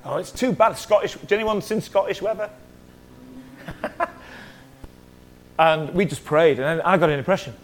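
In a church hall, a middle-aged pastor with a high-sitting voice preaches a sermon at a moderate pace with long pauses. He tells a story chattily and jokes with the congregation; the low-quality recording has a little hiss or hum.

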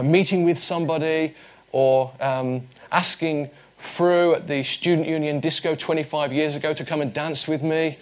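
Earnest preacher, slightly high voice. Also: male voice. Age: 40s. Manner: conversational, earnest, with light humor. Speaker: pastor. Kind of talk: sermon.

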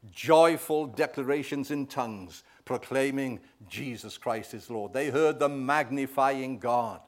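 A man preaching a sermon, swelling loud on key words and often asking the congregation "right?". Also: mid-range voice, unhurried, few pauses.

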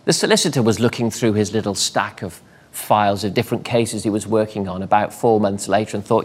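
A middle-aged man preaching a sermon, lively and storytelling, acting out the voices of the people in his anecdotes. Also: on the low side. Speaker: pastor.

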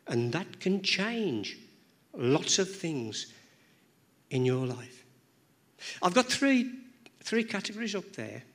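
A man preaching a sermon to a congregation, emphatic and rhythmic, often repeating words and phrases as he builds his points. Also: mid-range voice. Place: church.

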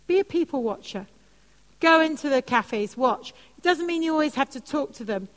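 A woman preaching and teaching on prayer, telling animated stories. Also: moderate pace. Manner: animated storytelling, soft lowered voice for quoted comforting words. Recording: long hall reverb.

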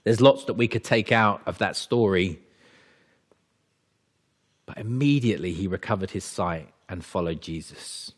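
Low-voiced man preaching. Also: unhurried, pauses often. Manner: conversational, with frequent restarts. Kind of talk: sermon.

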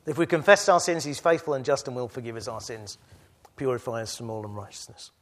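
A preacher speaks directly to a church gathering in a medium-pitched voice, talking fast. He begins gently and thoughtfully, then swings from quiet reflection into loud exhortation, urging his listeners on with rising force.

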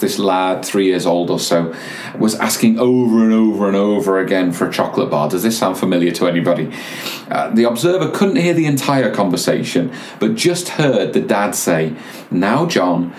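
A man preaching a sermon as pastor, earnest and measured, telling stories with careful pauses. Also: on the low side, a little mellow, echoey room, a little hiss or hum.

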